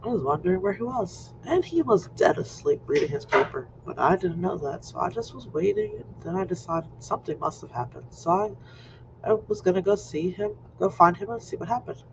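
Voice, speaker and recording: Animated male storyteller in his fifties, high-pitched with a gravelly edge; lo-fi recording. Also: a little fast. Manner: animated, acts out scenes. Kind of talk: personal anecdote storytelling. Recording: muffled lo-fi recording with faint noise.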